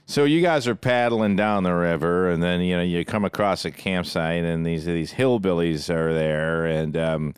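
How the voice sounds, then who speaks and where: A man's voice: low voice, moderate pace, hardly any pauses, smooth, dry recording, studio quality, voice pushed down, natural voice. A man voicing a casual, pushy male film director who coaxes in an offhand tone. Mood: coaxing. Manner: offhand, coaxing.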